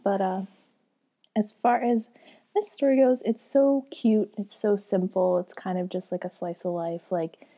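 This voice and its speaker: A woman's voice: mid-range voice, steady tone, a little slow, warm tone. A young woman casually talking about a short story she read, rambling with lots of fillers and dipping into whispers now and then. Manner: rambling, chatty, many fillers. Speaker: book reviewer. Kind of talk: casual book chat.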